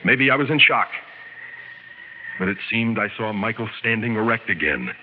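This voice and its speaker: A man's voice: on the low side, animated, moderate pace, a little hiss or hum, natural voice. A man giving a dramatic radio reading as a young wounded Marine writing home, earnest and wistful, over a tinny recording with music.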